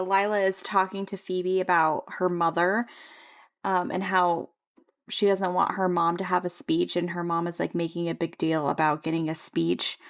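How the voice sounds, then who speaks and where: A young woman co-hosting a book club podcast, chatting casually and retelling scenes with animated, playful energy. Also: on the low side.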